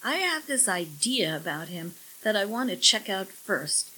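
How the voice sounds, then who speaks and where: A woman's voice: medium pitch, big pitch swings, a little slow, sharp tone, slightly rough, full character voice, low-quality recording. A woman doing a hesitant, easygoing young husband. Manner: tentative, trailing off mid-sentence. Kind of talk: audiobook character voice.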